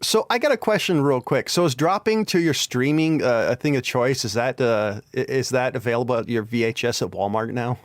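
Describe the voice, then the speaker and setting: A man's voice: mid-range voice, fairly quick, few pauses, no echo, clean studio sound. A man co-hosting a podcast, reading out news items and asking wry, teasing questions in casual chat. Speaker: podcast co-host.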